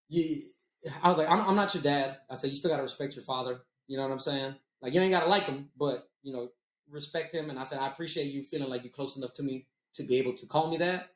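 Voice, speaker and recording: A man's voice: a little high, reverberant. A man telling loose, profane stories in casual chat, laughing at his own jokes. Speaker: podcast host.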